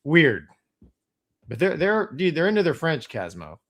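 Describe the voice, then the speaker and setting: A man's voice: fairly high pitch, huge pitch swings, unhurried. A man co-hosting a casual pilot chat show, telling a story in a laid-back, slangy way full of dude.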